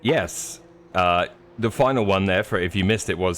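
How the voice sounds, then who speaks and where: Low-voiced joking male race commentator. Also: normal speed, fairly bright tone, a little hiss or hum. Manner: jokey, playful teasing. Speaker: sim racing commentator.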